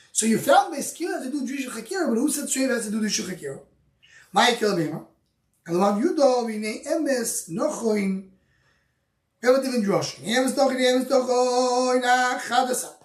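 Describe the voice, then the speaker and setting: A man teaching a Talmud lesson, reading Aramaic lines and explaining them in English, often restarting his sentences. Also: very high voice. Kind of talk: Talmud study lecture. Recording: echoey room, voice from far off.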